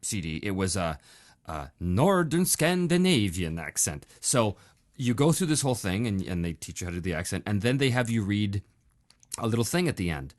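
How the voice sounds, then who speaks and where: A man's voice: fairly low pitch, very animated, normal speed, no echo, studio quality. A man hosting a podcast, chatting casually and joking between listener questions. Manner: joking, playful, breaks into laughter. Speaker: podcast host. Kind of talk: casual chat, reading listener emails.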